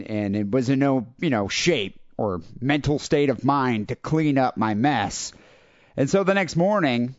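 A young adult man hosting a podcast, telling a rambling story in a casual, animated way and acting out other people's lines. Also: medium pitch, no room sound. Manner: animated, quotes people in raised voices. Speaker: podcast host. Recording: dull lo-fi dry podcast audio.

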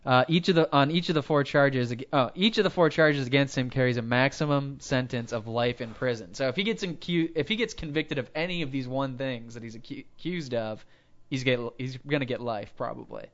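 A man's voice: medium pitch, a little fast, a bit bright, dull audio. A man co-hosting a podcast, casually reading out a news article and breaking off for joking asides. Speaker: podcast co-host. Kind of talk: casual chat, retelling a news story.

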